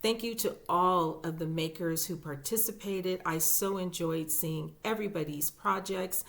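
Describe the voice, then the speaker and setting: A woman talks through her crochet projects in a casual vlog, chatty and gushing as she goes. Her voice sits on the low side and her pace is slow and unhurried. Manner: chatty and gushing, with fillers and repeats. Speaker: crochet YouTuber. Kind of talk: casual show-and-tell vlog.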